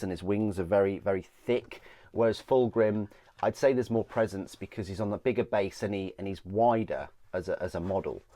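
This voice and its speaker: A man giving a casual product review, hesitant, with many ums and restarts and phrases that trail off quietly. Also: sits low. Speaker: miniatures reviewer.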